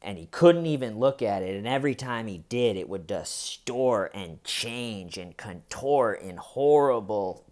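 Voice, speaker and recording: Slow, dramatic male true crime storyteller. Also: lowish voice, lively intonation, darkish tone. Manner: deliberate, dramatic storytelling with long pauses. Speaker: podcast host.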